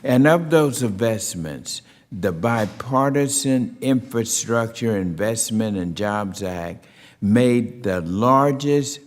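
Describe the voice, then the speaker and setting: A man opens a committee hearing with formal remarks, his voice on the low side. He talks slowly and deliberately, often filling gaps with "uh". The long reverb of the hearing room trails after each phrase. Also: lively intonation. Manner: deliberate, with frequent "uh" fillers. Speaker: committee chair.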